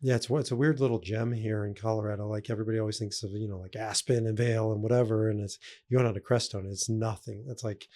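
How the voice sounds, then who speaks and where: A man's voice: on the low side, steady tone, quick pace, few pauses, warm tone. A man hosting a podcast interview, asking short, probing follow-up questions. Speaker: podcast host. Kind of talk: conversational interview.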